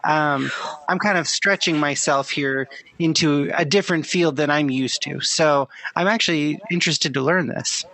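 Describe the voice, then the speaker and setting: A co-host on a podcast talks in an easygoing, casual way at a middle pitch. Their speech is a little hesitant, with fillers as they feel out questions. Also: normal speed, a bit bright, low-quality recording.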